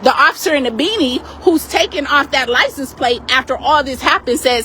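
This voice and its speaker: Woman activist, high voice, animated and forceful recounting, outdoor street. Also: normal speed, a little hiss or hum. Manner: emphatic, animated retelling. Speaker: community activist. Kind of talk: heated street complaint to police. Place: outdoors on a city street by a parked car.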